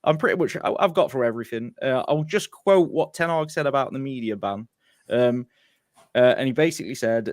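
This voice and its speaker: A man's voice: medium pitch, brisk, no room sound. Chatty man hosting a dry-sounding fan show. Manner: chatty, candid, with frequent ums. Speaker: host of a fan football show. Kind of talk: casual fan chat.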